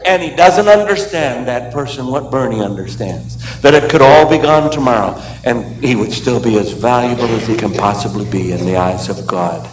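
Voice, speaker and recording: A man's voice: mid-range voice, expressive, normal speed, hardly any pauses, a little hiss or hum. Man telling a story in an echoey hall. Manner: dramatic storyteller, swings between hushed and emphatic. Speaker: comedian and Christian speaker. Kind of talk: storytelling talk to an audience. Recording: echoey hall audio played from a video clip.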